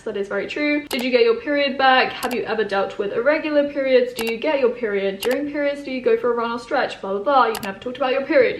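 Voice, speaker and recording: Chatty young woman, bright and roomy. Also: a little high. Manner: chatty, candid and emphatic, rambling with fillers. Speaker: YouTuber answering viewer questions. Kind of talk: casual Q&A vlog. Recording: roomy echo.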